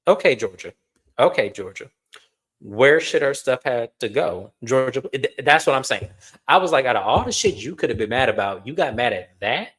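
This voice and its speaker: A man hosts a reality TV recap with a middle-pitched voice. He talks in casual commentary, blunt and animated, and swears freely while addressing his audience directly as y'all. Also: normal speed.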